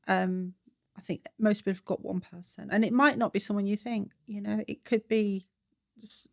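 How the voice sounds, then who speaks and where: A woman's voice: medium pitch, moderate pace, gravelly, no room sound, studio quality. A woman with an English accent, a guest on a podcast, telling stories casually and acting out what people said. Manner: animated anecdote teller, acts out quotes. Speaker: guest, celebrant.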